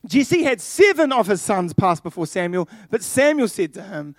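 A young man delivers a sermon in a playful, jokey way, turning to speak straight to his listeners. His voice sits noticeably high. The sound is close and dry. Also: sing-song, moderate pace, few pauses, no room sound. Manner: playful, jokey, addressing the congregation. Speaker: preacher.

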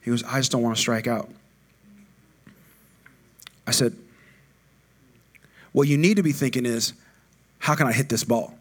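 A middle-aged man preaching a sermon, chatty and informal, rising to loud call-and-response with the congregation. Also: medium pitch, a little slow, pauses often. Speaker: pastor.

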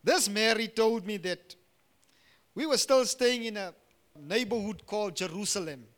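A middle-aged male pastor delivers a sermon in a voice that sits high, animated yet unhurried. He swings between hushed asides and loud, emphatic lines, asking the congregation "Amen?"

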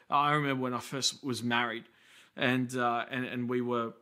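An Australian man in his thirties preaching a sermon as a pastor, telling stories in a conversational way with quick asides. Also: medium pitch, bright, forceful tone.

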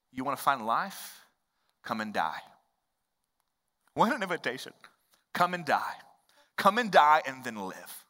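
Male pastor, sermon, animated conversational delivery, high voice, long church reverb. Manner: animated, conversational preaching with quick asides.

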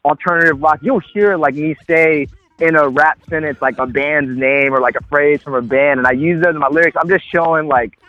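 A man's voice: a little high, steady tone, a little fast, pushed and bright, no room sound, dull audio. A man, a rapper calling in to a radio show, talking earnestly and rambling with lots of fillers. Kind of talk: casual radio chat. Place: phone call-in to radio show.

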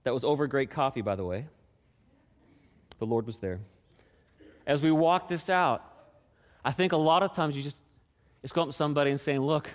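A man's voice: medium pitch, moderate pace, pauses often. Man preaching in a reverberant hall. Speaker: pastor. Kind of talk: sermon.

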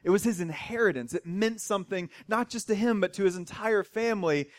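A man's voice: sits high, brisk. A man preaching a sermon in a conversational way, retelling a Bible story with wry asides. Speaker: pastor.

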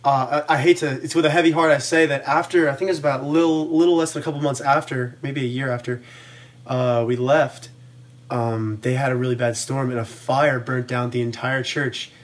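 A young man telling stories in a casual podcast chat, animated and rambling, with lots of fillers. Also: mid-range voice, brisk. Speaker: podcast co-host.

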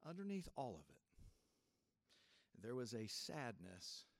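A male pastor giving a sermon in a reflective, unhurried way, with soft laughs and sudden drops from a firm voice to a near hush. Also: mid-range voice, very animated, dry recording.

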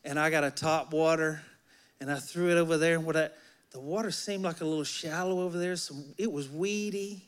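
A man with a high, bright Southern accent preaches in a church. He talks to the congregation in a folksy, joking way, teasing them as he goes. He moves from story to sermon and back in an easy, homey manner. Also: fairly even intonation, a little fast, smooth. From Alabama. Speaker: pastor. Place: church sanctuary.

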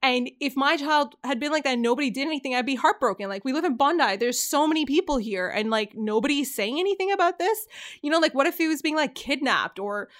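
A woman's voice: high-pitched, expressive, fast talker, fairly bright tone. A woman in her thirties telling a story in casual chat, earnest and rambling, often restarting her sentences. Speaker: podcast host.

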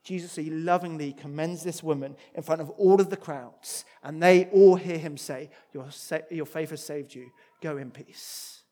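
A man preaching a sermon, expressive, moving between loud emphatic passages and hushed ones. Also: on the high side, normal speed, few pauses.

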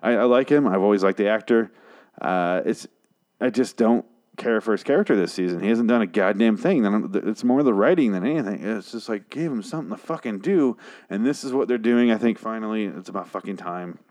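A man's voice: lowish voice, fairly quick, darkish tone. Sarcastic, profane man ranting. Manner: mimics characters in brief jokey voices. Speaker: podcast host reviewing a TV episode. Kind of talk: casual recap monologue.

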